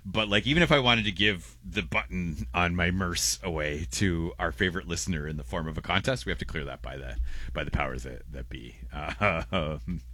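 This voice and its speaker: A man's voice: sits low, normal speed, pushed and bright, no room sound. A man co-hosting a casual morning radio show, reading out listener messages and rambling with restarts and laughs. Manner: rambling, self-interrupting, laughs often.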